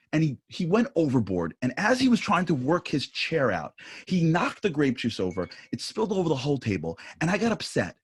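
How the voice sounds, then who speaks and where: A man on a panel talks in earnest, confessional bursts and repeats himself as he goes. His voice is a little husky, sits fairly high, and rises and falls widely. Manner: earnest, confessional, speaks in quick bursts with repetitions. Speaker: panel speaker. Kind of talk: impassioned panel talk. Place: livestream studio panel.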